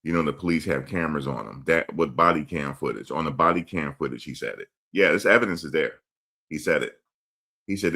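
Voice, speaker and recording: A man's voice: rumbling low, brisk, creaky, sharp tone. A man hosting a casual commentary show, blunt and emphatic, repeating his points. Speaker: host.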